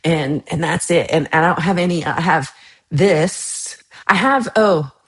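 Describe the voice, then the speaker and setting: A woman from Texas hosts a casual livestream, reading and answering her viewers. She talks in a chatty, teasing way, full of playful mock outrage, in a somewhat low voice for a woman. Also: moderate pace. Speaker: livestream host.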